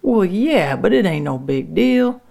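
Woman playing a bossy plant manager man, higher and louder than her telling, gravelly, dismissive. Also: very animated, a little slow, heavily acted. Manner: brushing off, bossy, folksy dialect. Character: pushy dismissive male factory boss.

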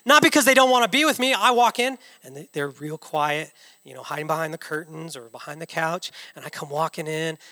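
High, bright-voiced pastor in echoing hall. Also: male voice, brisk. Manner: impassioned, rhetorical questions. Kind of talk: sermon. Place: church hall. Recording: reverberant church hall.

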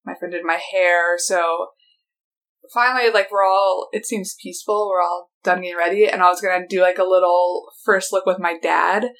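A woman with a Southern American accent, a bride telling her wedding story as a podcast guest, soft-spoken and hesitant, with many fillers. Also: fairly low pitch, fairly even intonation, moderate pace, rough recording. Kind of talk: casual storytelling.

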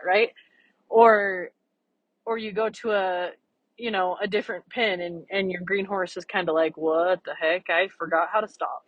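A woman's voice: medium pitch, fairly bright tone, no room sound, low-quality recording. A young woman hosting her own podcast, talking earnestly and chattily about ranch life and personal growth. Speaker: podcast host. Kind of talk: solo podcast talk.

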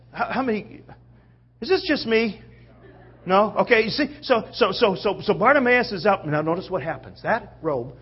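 Animated man preaching a sermon. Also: on the high side, husky, dull audio. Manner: animated storytelling, acts out quotes, checks in with listeners.

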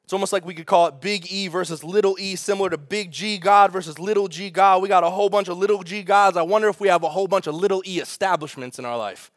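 High-voiced, lively man preaching. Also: fast talker, hardly any pauses, no echo, clean studio sound. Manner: animated, conversational preaching with rhetorical questions. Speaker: pastor. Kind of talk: sermon.

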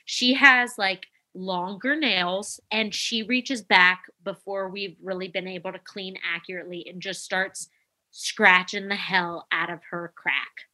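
Bright-voiced young woman telling nurse stories. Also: measured pace. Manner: animated, acts out quotes with big pitch jumps. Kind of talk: casual storytelling chat.

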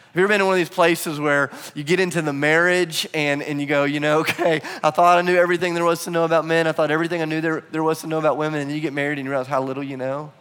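A man preaching a sermon, telling a personal story with animated, acted-out quotes. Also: medium pitch. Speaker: pastor. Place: church hall. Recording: long hall reverb.

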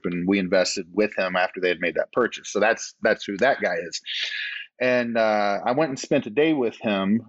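A man's voice: on the low side, fairly bright tone, dry recording. A man, a podcast guest and business owner, telling a rambling, self-deprecating story full of fillers in a casual interview. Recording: slightly dull lo-fi sound.

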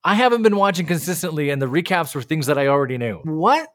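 A man's voice: a little high, expressive. Exasperated man ranting on a podcast. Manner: exasperated, ranting, fast bursts. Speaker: podcast co-host. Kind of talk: casual chat.

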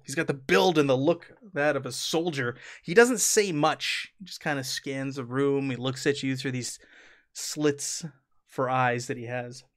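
Chatty man running a tabletop game. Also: a little high. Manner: chatty, laughs often, frequent fillers. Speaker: game master.

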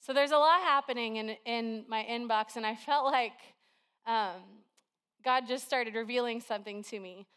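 At a church service, a woman preacher with a somewhat high, smooth voice speaks at a normal speed. Her sermon is relaxed and chatty, woven through with everyday stories.

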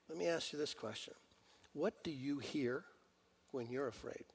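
A male pastor preaching a sermon in an animated way, swinging between loud urging and quiet, intimate asides. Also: mid-range voice, moderate pace, creaky, pauses often, husky.

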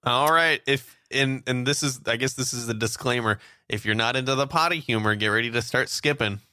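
Male co-host, sharp bright tone, animated pitch, dry booth sound, wry skeptic. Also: fairly quick, no room sound. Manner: skeptical, joking, spins absurd scenarios. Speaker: podcast co-host. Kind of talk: casual banter.

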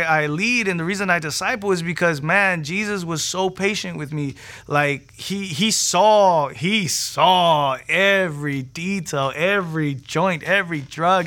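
A man gives his personal testimony as a preacher, in a bright, forceful voice pitched a little high. He tells it casually and with slang, acts out the people he quotes, and repeats words as he gets excited.

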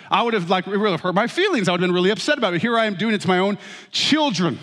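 A man preaching a sermon as pastor, telling stories with animated, self-mocking humor. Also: high voice, fast. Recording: reverberant hall.

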